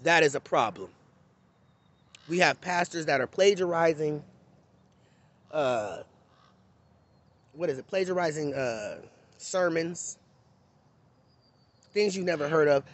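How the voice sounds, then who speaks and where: A man's voice: a little high, lively intonation, takes it slowly, long pauses, fairly bright tone. Blunt, impassioned man talking to camera. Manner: candid, impassioned, conversational. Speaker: vlogger. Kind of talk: unscripted blunt monologue to camera.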